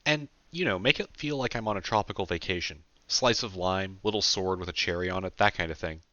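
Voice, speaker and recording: A man's voice: deep voice, a little fast, pushed and bright, dry recording, lo-fi sound. A man voicing a blunt, cheeky young man in an audiobook, offhand and sincere in manner.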